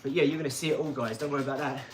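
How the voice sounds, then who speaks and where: A man's voice: mid-range voice, steady tone, very fast, slight background noise. A man, talking casually on a live stream in a rambling, cheeky way and laughing between his remarks.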